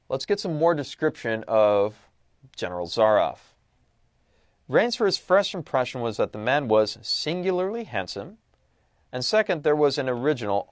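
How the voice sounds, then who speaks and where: A man's voice: medium pitch, dry recording. A man teaching a casual lesson recap, reading passages aloud and posing questions he then answers himself. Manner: conversational, asks rhetorical questions then answers.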